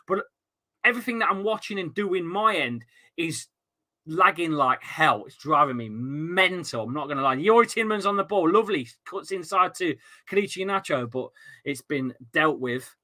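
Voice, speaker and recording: A young man commentates live on a football match for his stream, grumbling one moment and shouting the next. His voice has a bright, sharp edge and sits a touch high for a man. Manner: excitable, swearing, swings from grumbling to shouting.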